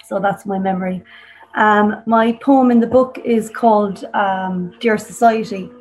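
A woman's voice: mid-range voice, fairly even intonation, unhurried, darkish tone, slight background noise, poor audio. Irish woman performing spoken-word poetry. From Ireland. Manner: chatty introduction, then emphatic dramatic recitation. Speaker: poet. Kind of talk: introducing and performing a poem. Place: home on the coast. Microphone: video call over a weak connection.

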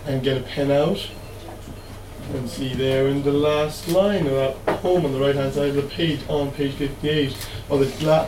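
A man reads at an open mic, chatty in his asides and measured in his recitation. His voice is a little high for a man and sounds distant in a roomy, noisy venue. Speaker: poet reading at an open mic. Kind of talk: live poetry reading with casual asides.

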